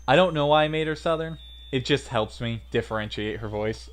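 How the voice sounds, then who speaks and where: A man's voice: medium pitch, brisk. A man streaming a game playthrough, chatting casually and making self-mocking jokes. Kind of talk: casual let's-play commentary.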